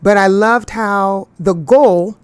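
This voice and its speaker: A woman's voice: medium pitch, slow pace, smooth, no room sound. A woman from Ghana, an actress, talking earnestly in an interview and laughing easily. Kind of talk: casual interview talk.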